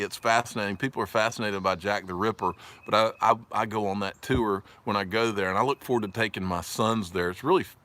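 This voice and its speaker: A man's voice: on the low side, pushed and bright. A man with a Southern US accent hosting a casual livestream, rambling, joking, laughing often and reading viewer comments aloud. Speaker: livestream host.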